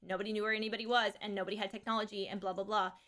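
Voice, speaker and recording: A woman in her thirties who streams and is a mother talks casually on a livestream, rambling frankly about raising her son and swearing freely. Her voice sits at medium pitch with little pitch movement, comes out rapid-fire, and sounds a bit bright.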